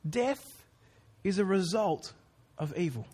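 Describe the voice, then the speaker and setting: A man's voice: high voice, lively intonation, slow pace, darkish tone, slightly rough. A man preaching a sermon in a casual, earnest way, with informal asides to the congregation. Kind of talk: conversational sermon.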